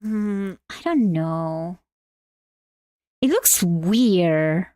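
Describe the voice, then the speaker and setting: A woman's voice: fairly low pitch, animated, drawn-out words, dark tone, no room sound, clean studio sound. A woman from Argentina streaming live while drawing, chatting in a bubbly way and greeting her chat.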